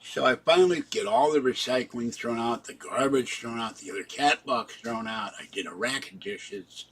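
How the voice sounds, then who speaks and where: A man with a husky, slightly breathy voice at an ordinary middle pitch tells a long personal story in a casual vlog. He rambles from one detail to the next and narrates in the present tense. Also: moderate pace. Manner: rambling, recounts events in present tense and acts out the quarrel; breaks off to talk softly to his cats. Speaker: vlogger.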